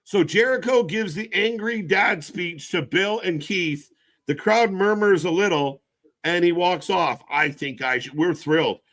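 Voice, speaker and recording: A man hosting a live wrestling watch-along stream, talking in casual, sarcastic and profane commentary, jumping between shouts and low mutters. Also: unhurried.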